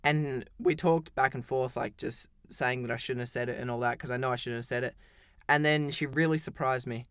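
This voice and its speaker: A man's voice: mid-range voice, steady tone, a little fast, fairly bright tone, smooth, no echo, clean studio sound. A teenage boy telling a story in a casual, rambling storytime style, full of "like" and restarts. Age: teens. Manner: rambling, heavy use of "like", frequent restarts.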